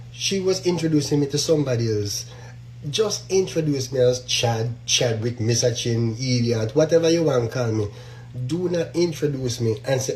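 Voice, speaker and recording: A man's voice: medium pitch, expressive, normal speed, darkish tone, slight background noise, poor audio. A man with a Jamaican accent ranting to camera in an exasperated way, slipping into Patois and swearing. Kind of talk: casual rant to camera.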